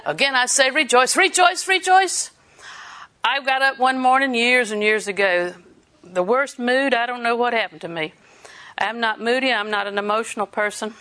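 A woman's voice: fairly high pitch, moderate pace. A woman preaching a sermon, telling stories and laughing as she exhorts. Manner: storytelling, animated, laughs while preaching.

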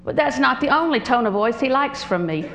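An older woman preaching a sermon, animated and humorous, telling stories with frequent laughter. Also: high voice, a little fast, reverberant, slight background noise, rough recording.

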